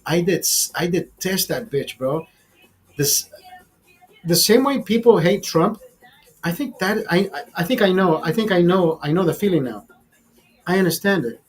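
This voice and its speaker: A man's voice: high voice, animated, normal speed, pauses often, soft background music. A man hosting a casual livestream chat, crude and profane, rambling with many restarts. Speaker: livestream host.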